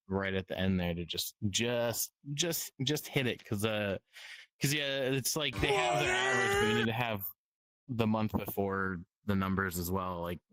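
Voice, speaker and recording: A man's voice: on the low side, a bit bright, smooth, no room sound, rough recording. A man talking as a guest on a casual stream interview, rambling and repeating words while he thinks.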